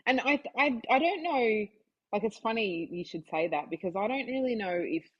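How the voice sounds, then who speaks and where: A woman's voice: on the high side, animated, moderate pace, fairly bright tone, breathy edge, lo-fi sound. An Australian woman, a vet, chatting as a podcast guest in a rambling way full of asides. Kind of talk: casual chat.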